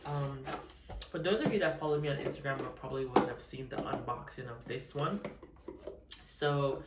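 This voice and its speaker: A woman's voice: deep voice, very noisy. Sassy woman vlogger, roomy distant sound. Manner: sassy and flamboyant, calls viewers honey. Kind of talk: casual unboxing chat.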